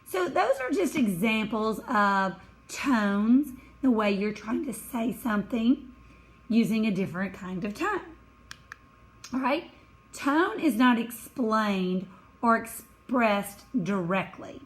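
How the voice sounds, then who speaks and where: Slow, high-voiced woman teaching. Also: lively intonation, poor audio. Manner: slow, careful explaining with small self-corrections. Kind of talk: recorded classroom lesson over slides.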